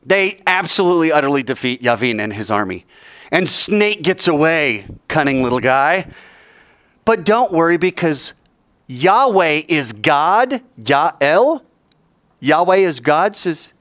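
Lively, animated male Bible teacher. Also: a little high, measured pace, dry recording. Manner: joking, vivid, addresses listeners directly. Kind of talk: animated storytelling lesson. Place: hot indoor room.

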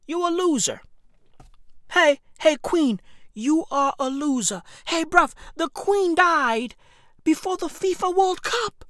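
A woman delivering a profane comedic rant, full of slang, dropping into low mutters and then bursting into shouts. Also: animated, takes it slowly, dry recording, clean studio sound. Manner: slangy and repetitive, heavy swearing. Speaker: comic ranter.

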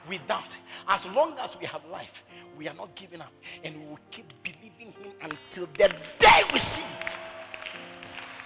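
A male preacher with a high, lively voice and a gravelly edge. He repeats each phrase again and again and moves from shouts to near-whispers. Soft music plays faintly behind him. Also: moderate pace. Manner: emphatic, repeats phrases over and over; swings between shouting and hushed speech. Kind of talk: sermon.

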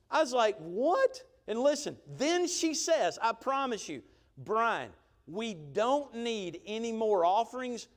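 A man preaching a sermon, telling a story with lively emphasis and often checking in with the crowd. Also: high-pitched. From Georgia. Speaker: pastor.

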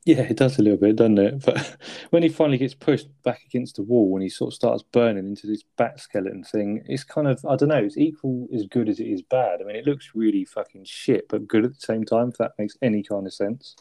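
A man's voice: on the low side, a little fast, dark tone, no echo. A man chatting casually about a film on a podcast, laughing often and asking his co-host to agree.

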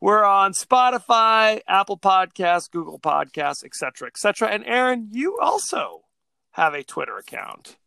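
A man with a high, bright and smooth voice co-hosts a podcast in loose casual chat. He rambles along, filling gaps with "uh" and "um". He is recorded close and dry, with no room sound. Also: sing-song, moderate pace, no echo. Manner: rambling, chatty, with frequent fillers. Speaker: podcast co-host.

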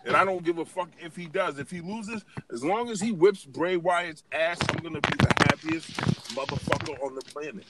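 A man's voice: a little high, moderate pace. A man co-hosting a casual wrestling podcast, ranting heatedly and swearing freely. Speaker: podcast co-host. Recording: distant mic with noise.

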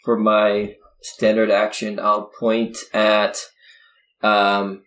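A tabletop game player who describes actions hesitantly, with many pauses and filler sounds. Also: mid-range voice, monotone, fairly bright tone. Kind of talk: casual tabletop play.

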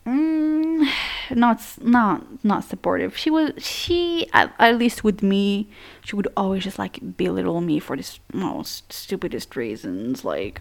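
A woman's voice: medium pitch, sing-song, measured pace, creaky. A young woman, telling a personal story in a rambling, profane way while she plays a game. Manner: rambling, profane, full of fillers. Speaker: gaming streamer. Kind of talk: casual storytelling over gameplay.

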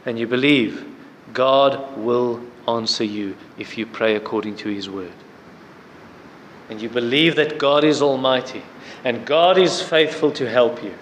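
A man preaching a sermon, earnestly urging prayer and fasting and citing scripture as he goes. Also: medium pitch. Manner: earnest, repetitive exhortation with scripture references. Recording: echoey hall with faint background noise.

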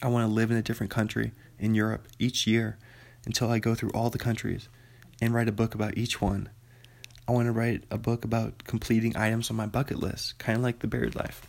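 A young man casually reading his own writing aloud, relaxed, with ums and asides. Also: fairly low pitch, fairly quick, gravelly.

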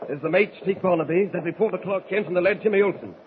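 Man doing a bullying mutineer, rough grammar, highish voice, muffled old radio. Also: quick pace, lightly acted. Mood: menacing. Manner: bullying, threatening, coarse grammar. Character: menacing English mutineer ringleader, gruff man. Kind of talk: 1940s radio acting. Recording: muffled hissy 1940s radio broadcast.

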